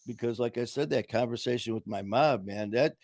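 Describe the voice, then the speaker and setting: A man's voice: medium pitch, fairly quick, a little mellow, no echo. Earnest middle-aged man, dry close sound. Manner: earnest, self-mocking, acts out his past self in quotes. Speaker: podcast co-host. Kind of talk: candid recovery talk.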